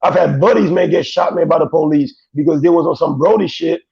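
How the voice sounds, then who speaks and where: A man's voice: a little high, brisk, creaky, darkish tone, slightly rough. A male guest in casual chat, telling stories in blunt, profane street talk. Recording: dull, dry lo-fi sound.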